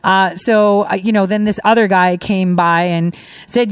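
A woman hosting her own livestream, talking in a rambling, indignant, animated way and laughing now and then. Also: medium pitch, unhurried, smooth, no echo, studio quality. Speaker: livestream host. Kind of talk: casual ranting commentary.

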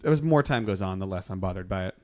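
A man's voice: low voice, animated, quick pace, a little mellow. A man co-hosting a podcast in casual chat, rambling and restarting his thoughts. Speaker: podcast co-host.

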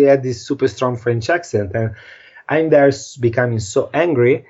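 An earnest man, a podcast guest whose first language is Italian, tells an emotional story in a steady, dark, medium-pitched voice at normal speed. His phrasing is non-native and he restarts words. The sound is lo-fi.

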